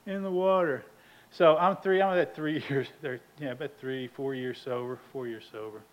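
Guy at a recovery meeting telling a funny story, laughs a lot, gets loud acting himself out. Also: medium pitch, moderate pace, highs cut off. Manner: animated, laughs often, acts out his own outbursts loudly. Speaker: speaker sharing at a recovery meeting. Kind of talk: humorous personal storytelling.

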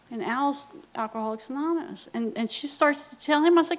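A middle-aged woman telling her recovery story at a meeting, acting out the dialogue with lively, often laughing delivery. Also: sits high, fairly quick, dull audio.

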